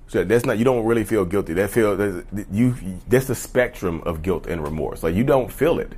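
A man's voice: fairly low pitch, normal speed, breathy edge. A man in a casual vlog monologue, blunt and emphatic, swearing freely and calling his viewers "y'all.". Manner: grows loud and heated. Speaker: vlogger on personality disorder.

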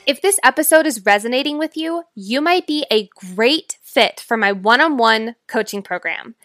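A woman with a fairly high voice coaching her podcast listeners directly. She jumps between quick, punchy bursts and slow, hushed passages. The sound is close and dry, with no room around it. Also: animated, dry recording, soft background music. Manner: dramatic shifts between fast loud and slow quiet delivery. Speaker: life coach.

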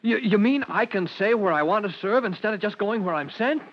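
An earnest young fireman recruit who stammers with eagerness. His voice sits high for a man, in 1940s radio style. The recording is dull and muffled. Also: lively intonation, fairly quick.

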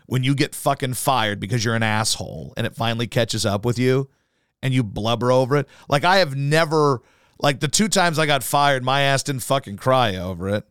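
Sarcastic, profane man with a smooth voice. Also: mid-range voice, normal speed, a bit bright, no room sound, clean studio sound. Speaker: podcast host. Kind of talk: solo podcast rant.

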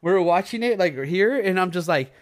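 A man's voice: high voice, a little fast. A man chatting casually on a podcast, blunt and swearing, calling people "dude" and "bro".

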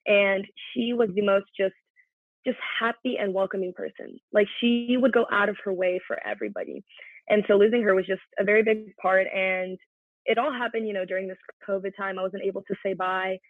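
A woman's voice: mid-range voice, a little fast, no room sound. A young woman in her twenties, a guest on a podcast, speaking earnestly and reflectively as she opens up about her feelings. Her voice comes through a thin, phone-like line with no room sound at all. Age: 20s. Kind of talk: casual podcast conversation. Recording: tinny phone-like line, dry.

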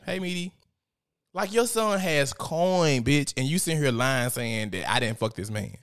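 A man's voice: medium pitch, expressive, moderate pace, a bit bright. A man giving casual, profane, gossipy commentary as host, often laughing.

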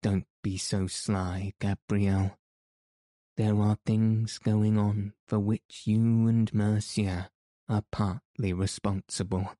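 A man's voice: lowish voice, little pitch movement, takes it slowly, dark tone, no echo, studio quality. A man voicing a furious, suspicious male opera secretary in an audiobook, speaking in an accusing, insistent way.

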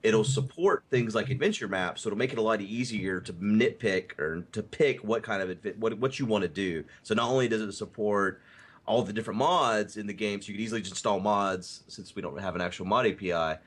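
A man's voice: fairly low pitch, fairly quick, slightly rough. A man co-hosting a podcast, chatting casually and explaining things with easygoing hedges. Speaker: podcast co-host. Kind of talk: casual chat.

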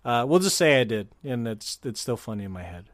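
A man from California talks in a loose, rambling podcast chat, full of ums and restarts. His voice sits at an ordinary middle pitch. The sound is dry and close, with no room around it. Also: big pitch swings, a little fast, fairly bright tone, dry recording. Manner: chatty, rambling with fillers and restarts. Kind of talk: casual chat.

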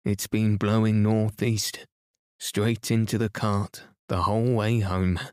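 A man voicing a slow, good-natured carrier husband in a bedtime story reading, plain, ponderous and mild. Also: on the low side, level tone, darkish tone, smooth, dry recording, studio quality. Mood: mild, puzzled.

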